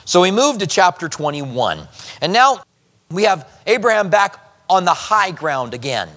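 A man's voice: high voice, sing-song, a little slow, sharp tone. A man preaching a verse-by-verse sermon as a pastor, with conversational asides to the congregation. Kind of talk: expository sermon. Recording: long hall reverb.

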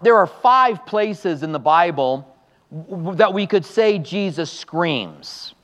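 A man preaching a sermon as a pastor, earnest and a little halting, with small stumbles and restarts. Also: high voice, lively intonation, a bit bright, big-room sound.

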